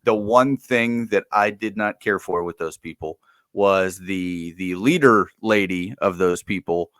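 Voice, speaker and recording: Male co-host, lowish voice, casual and halting review chat, dry close sound. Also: a bit bright, clear, resonant tone, no echo. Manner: hesitant, many restarts and fillers. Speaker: podcast co-host.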